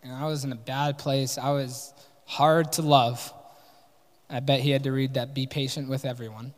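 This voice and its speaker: A young man speaking at a workshop, telling a candid personal story to an audience with lively quoted dialogue. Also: mid-range voice, normal speed. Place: large conference hall. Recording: live talk with long hall reverb.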